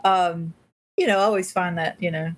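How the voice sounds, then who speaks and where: Thirties woman co-host, low-leaning voice, rambling storyteller. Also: fairly even intonation, moderate pace. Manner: rambling, warm storyteller with restarts. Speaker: volunteer coordinator, co-host. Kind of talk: casual podcast chat.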